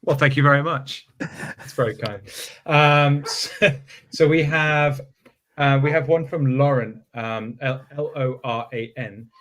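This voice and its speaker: A man with an ordinary mid-pitched voice reads listener questions aloud on a podcast. He pauses and trips over unfamiliar names. His delivery stays easygoing and plain. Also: steady tone, a bit bright. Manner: halting, stumbles over names. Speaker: producer reading listener questions.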